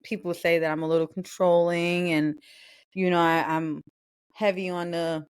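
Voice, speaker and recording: Warm-supporting young woman, dry close sound. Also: lowish voice, flat delivery, normal speed, smooth, no room sound. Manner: supportive, reassuring, reflective. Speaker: podcast co-host. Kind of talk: casual chat.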